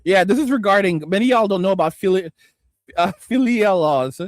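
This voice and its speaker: A man's voice: high voice, expressive, fairly quick, dry recording. A man hosting a livestream, ranting with lots of profanity and stammered restarts, talking straight to his viewers and reading out chat comments. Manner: profane, rambling, stammers, addresses viewers directly. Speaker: host.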